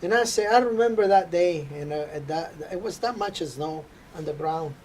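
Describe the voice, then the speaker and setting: A man telling an earnest, halting faith testimony. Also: high-pitched, darkish tone, a little hiss or hum. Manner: halting, earnest storytelling with frequent hesitations. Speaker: interview guest.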